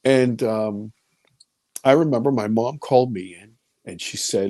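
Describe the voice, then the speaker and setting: Man in his 50s, interview storyteller, gravelly, dry close sound, vivid and repetitive. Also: lowish voice, expressive, moderate pace, warm tone, dry recording. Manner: vivid storyteller who repeats words when caught up in the story. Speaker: interviewee recounting an encounter. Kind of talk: personal storytelling testimony.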